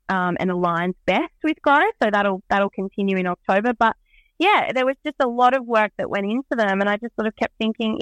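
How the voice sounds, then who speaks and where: A woman talks casually and with enthusiasm about her work, often pausing on "um". Her voice sits at a middle pitch. The recording is dry and close, with no room sound. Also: fairly bright tone, no echo, muffled recording. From Australia. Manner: bubbly, enthusiastic, many "um"s. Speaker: guest, event organiser. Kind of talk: casual interview chat.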